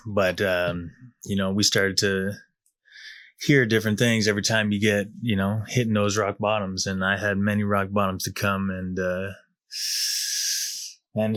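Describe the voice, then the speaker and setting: A man's voice: lowish voice, fairly bright tone, dry recording. A young man, hosting a podcast and telling his own story in a casual, profane way, full of fillers and restarts. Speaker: podcast host. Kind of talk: candid personal storytelling.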